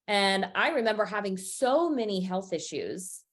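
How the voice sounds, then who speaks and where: A woman's voice: mid-range voice, very animated, normal speed. Chatty woman coach, emphatic. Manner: chatty, emphatic, frequent filler words. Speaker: fitness and business coach, guest. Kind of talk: casual podcast conversation.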